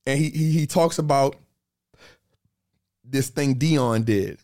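A man in a casual podcast chat, telling stories in an animated, slangy way and repeating phrases for emphasis. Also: medium pitch, takes it slowly.

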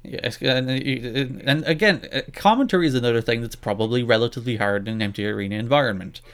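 A man's voice: mid-range voice, fast, a bit bright, smooth. A man co-hosting a casual wrestling podcast, rambling and self-deprecating with lots of restarts. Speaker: podcast co-host.

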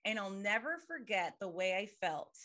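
A woman's voice: mid-range voice, animated, moderate pace, sharp tone. Talkative lady on a podcast, mid voice, laughs a lot and gets emotional. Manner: chatty, emotional, laughs often. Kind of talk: casual conversational chat.

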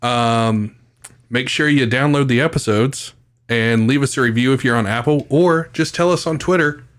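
A man's voice: mid-range voice, normal speed, clear, resonant tone. Chill guy cohosting a podcast, swears a lot, slangy banter. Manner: laid-back, swears freely, slangy. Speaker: podcast co-host. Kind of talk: casual chat.

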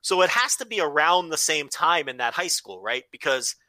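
Man co-hosting a podcast, bright forceful voice, lively swooping pitch, salty casual chat, dry close sound. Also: no room sound. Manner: profane, animated storytelling with quick impressions. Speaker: podcast co-host.

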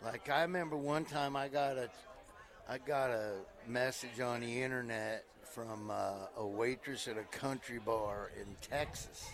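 A middle-aged man from southeast Nebraska, a comedian guest, telling stories in a casual interview and jumping up loud and high whenever he quotes someone. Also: a little slow. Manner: animated storyteller who jumps up loud and high when quoting people.

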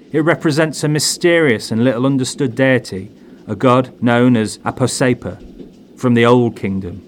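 A man voicing a learned occult expert who lectures in a measured, grave way. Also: medium pitch, a little hiss or hum, close to an everyday voice.

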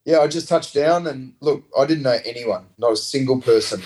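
An Australian man, a former rugby player, telling relaxed, rambling anecdotes in a casual interview. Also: medium pitch, moderate pace, low-quality recording. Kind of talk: casual storytelling.

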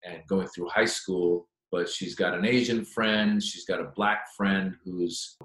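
A man, a stand-up comedian, answering interview questions in an animated, chatty storytelling way. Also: low voice, unhurried. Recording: echoey room.

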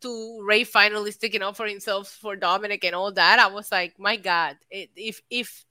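A woman's voice: mid-range voice, fairly even intonation, moderate pace, sharp tone, dry recording. A woman co-hosting a podcast in casual chat, emphatic and teasing, laughing often. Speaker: podcast co-host.

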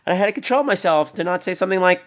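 A man's voice: animated, rapid-fire, fairly bright tone. A middle-aged man hosting a podcast, telling bawdy stories in a campy, rambling way. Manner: campy, bawdy, swings into high mocking voices. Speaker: podcast host. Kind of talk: rambling comic storytelling.

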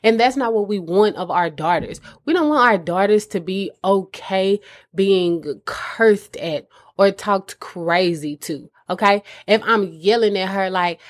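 A woman's voice: medium pitch, unhurried. Earnest woman giving casual advice. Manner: earnest, conversational, addresses listeners as mamas. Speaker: host addressing mothers.

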